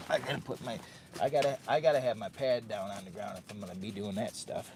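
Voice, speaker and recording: A man's voice: lowish voice, fairly even intonation, fast, slight background noise. Chatty older man camping in a tent. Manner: chatty, repeats himself, talks about himself in the third person. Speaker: camping livestream host. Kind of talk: casual livestream chat. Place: hot tent outdoors on a windy day.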